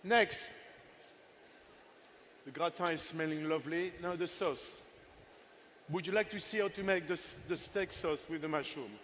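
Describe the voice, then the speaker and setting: A man's voice: fairly high pitch, moderate pace, long pauses, a bit bright, slight background noise. A man in his sixties, a chef giving a live cooking masterclass on a festival stage, chatty and playful with his helpers and the crowd.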